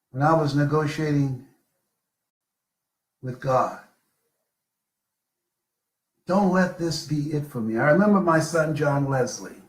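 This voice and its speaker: An older man giving a live motivational talk, telling personal stories with dramatic pauses. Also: a little high, echoey room. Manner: storytelling, slow with dramatic pauses. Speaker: motivational speaker.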